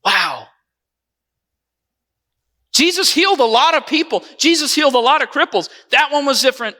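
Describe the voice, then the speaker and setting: High bright guy acting out a bible story from the pulpit, echoey church hall. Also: normal speed. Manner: dramatic storytelling, swinging between lively and hushed. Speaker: pastor. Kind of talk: dramatized first-person sermon monologue. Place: church sanctuary.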